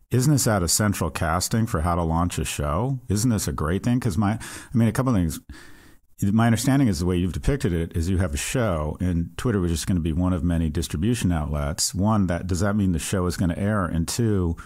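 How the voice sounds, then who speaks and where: A man's voice: sits low, darkish tone. A man co-hosting a podcast, building an argument through rhetorical questions. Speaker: co-host. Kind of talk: podcast interview.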